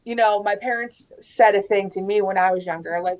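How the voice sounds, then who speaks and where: A woman in her thirties chatting casually about parenting, animated and laughing often as she acts out quotes. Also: medium pitch, a little fast, few pauses. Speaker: guest mom. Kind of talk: casual chat.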